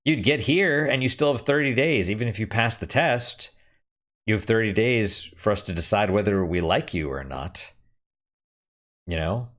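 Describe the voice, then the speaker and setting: A young gaming streamer chats frankly while playing, rambling and swearing now and then. His lowish voice is animated and fairly bright, at a moderate pace.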